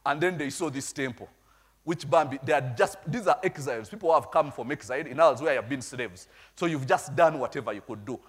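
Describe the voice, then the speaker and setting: A man's voice: medium pitch, fairly quick, breathy edge. A middle-aged man, preaching a storytelling sermon and checking in with his congregation. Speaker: pastor.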